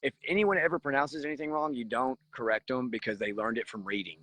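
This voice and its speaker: A man with an Appalachian Southern accent, a musician guest in a casual chat over a video call from his barn, relaxed, joking and swearing freely. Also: mid-range voice, quick pace, low-quality recording.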